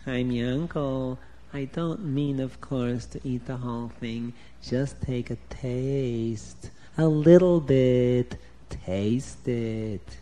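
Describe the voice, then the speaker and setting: A man voicing a sly, tricky inner voice that coaxes softly in a storybook tale. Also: mid-range voice, slow pace, pitched below the performer's own voice, natural voice. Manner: hushed, coaxing, tricky.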